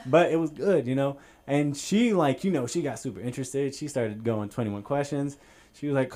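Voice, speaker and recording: A man's voice: medium pitch, a little fast, a little mellow. A man doing a stand-up set on a club stage, telling a story in a loose, rambling way with plenty of fillers. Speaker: stand-up comedian.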